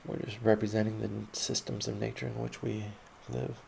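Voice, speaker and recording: A man's voice: on the low side, little pitch movement, moderate pace, vocal fry, noisy background. A young man telling a rambling, profane personal story in a laid-back, meandering way. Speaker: autobiographical podcaster.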